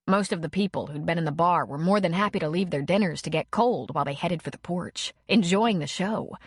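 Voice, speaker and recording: A woman's voice: fairly low pitch, husky, no room sound, clean studio sound. Woman narrating a romance audiobook. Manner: measured, expressive storytelling.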